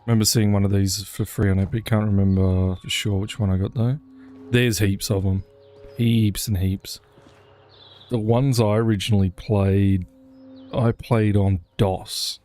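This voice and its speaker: A man's voice: on the low side, steady tone, measured pace, dark tone. A man giving casual, rambling commentary while he plays a video game. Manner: rambling, wry, chatty. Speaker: gaming streamer.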